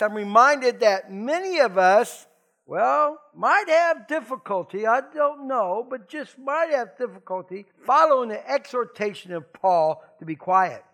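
A middle-aged man preaching a conversational sermon in a folksy, joking way with animated asides. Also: very high-pitched. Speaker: pastor.

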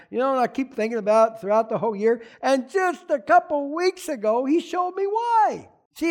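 A man preaching a sermon as pastor, animated, often asking the congregation questions. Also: very high-pitched, fairly quick, hardly any pauses.

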